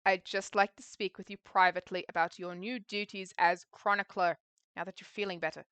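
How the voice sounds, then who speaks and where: A woman voicing a stern, calm older female convent superior in a visual novel, speaking in a measured and formal way. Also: medium pitch, clear, resonant tone, dry recording, close to an everyday voice.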